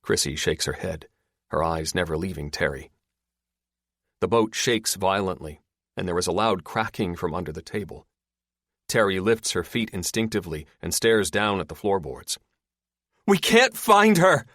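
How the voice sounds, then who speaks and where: This is scripted audiobook narration by a man with a low-pitched voice, delivered steadily and with measure. The studio recording is clean and echo-free.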